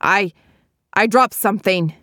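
A woman voicing a nervous male innkeeper who stammers, wails and shouts in panic. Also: medium pitch, unhurried, no room sound, studio quality. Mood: flustered. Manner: stammering and wailing.

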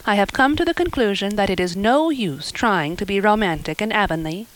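A woman's voice: mid-range voice, lively intonation, brisk, natural voice, rough recording. A woman voicing an impulsive, romantic young girl who talks earnestly and at length in a storybook reading. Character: eager young woman, chatty, romantic, spirited.

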